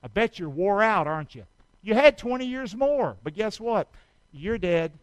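High-voiced preacher, call and response. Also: male voice, very animated, normal speed, no echo, low-quality recording. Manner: call-and-response preaching, swings from shouting to quiet. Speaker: pastor. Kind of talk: sermon.

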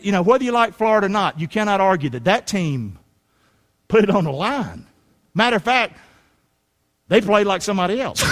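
A middle-aged male pastor preaching a sermon in a folksy, preacherly way that rises to shouts. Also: high-pitched, long reverb tail.

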